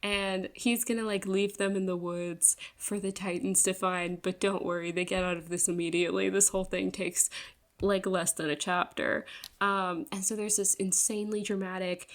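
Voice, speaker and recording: A woman's voice: mid-range voice, level tone, normal speed. A young woman giving a casual, rambling book review, full of fillers, swearing and exasperated laughs.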